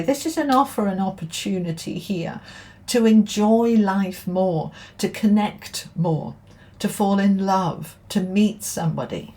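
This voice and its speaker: A woman's voice: mid-range voice, normal speed, darkish tone. A middle-aged woman giving a casual tarot reading to camera, chatting and checking in with her listeners as she goes. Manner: chatty, keeps checking in with "okay?" and "all right?". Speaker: tarot reader and spiritual teacher.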